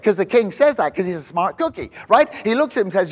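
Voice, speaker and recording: A middle-aged male pastor preaching a sermon in church, telling the story with lively acted-out quotes and frequent restarts. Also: sits high, fast, few pauses. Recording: long hall reverb.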